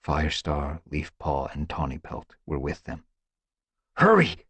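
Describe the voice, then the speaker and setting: A man reading a dramatic audiobook story with expressive, dramatic storytelling. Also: rumbling low, moderate pace, husky, dry recording. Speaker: audiobook narrator. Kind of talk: audiobook narration.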